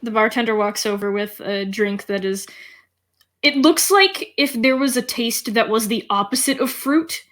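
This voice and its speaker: A woman's voice: a little high, expressive, moderate pace, fairly bright tone. A woman narrating as game master in a playful, giggly way.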